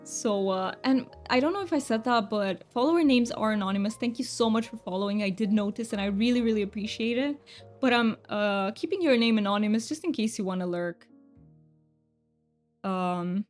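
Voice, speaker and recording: A woman's voice: medium pitch, moderate pace, a little mellow, faint music behind. A woman game streamer chatting casually with her viewers, self-deprecating and thanking chat.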